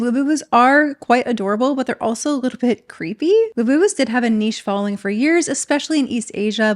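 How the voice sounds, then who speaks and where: A woman hosting a casual commentary vlog, chatting directly to her viewers. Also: fairly high pitch. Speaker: video essay host.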